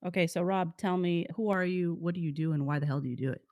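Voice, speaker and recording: A woman's voice: lowish voice, fast, a little mellow, no echo, muffled recording. A woman hosting a podcast interview, chatting in a playful, curious way and laughing easily. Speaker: podcast host. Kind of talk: casual interview chat.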